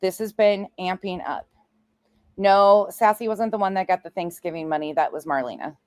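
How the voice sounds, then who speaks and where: A woman in her forties, pitched fairly low and talking at normal speed, tells true crime stories on a livestream in a casual, profane, blunt way, animated throughout. It's clean studio sound with no room sound.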